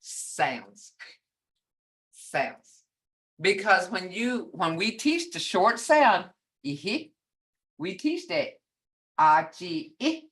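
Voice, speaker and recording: An older woman teaching a beginner language class over a video call, speaking slowly and patiently, often chuckling as she repeats each word. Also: fairly low pitch, very animated, a bit bright. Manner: slow, patient, repeats words to model sounds; chuckles often while explaining.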